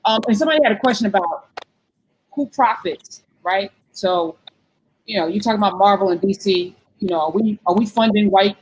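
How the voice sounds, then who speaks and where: Woman co-host, mid-pitched, thoughtful and self-correcting, faint background noise. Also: fairly quick, low-quality recording. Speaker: co-host relaying audience questions. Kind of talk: conversational discussion.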